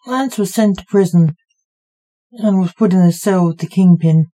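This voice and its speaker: A woman narrating a short story in a measured, even manner. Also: lowish voice. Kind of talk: scripted narration.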